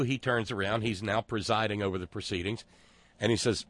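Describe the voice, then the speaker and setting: A man's voice: lowish voice, steady tone, a little fast, a bit bright, no room sound. A man talking through a casual monologue, sarcastic and digressive, often stopping to restart his sentences.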